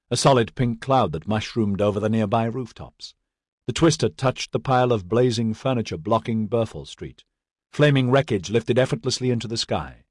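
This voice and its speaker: An audiobook narrator with a low, husky male voice reads scripted narration in a studio-quality recording with no room sound.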